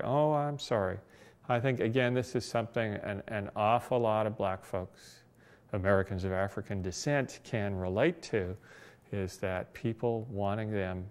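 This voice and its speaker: A man's voice: on the low side, a little mellow. A man in his sixties, a disability rights advocate, telling personal anecdotes in an oral history interview with a wry, reflective humor.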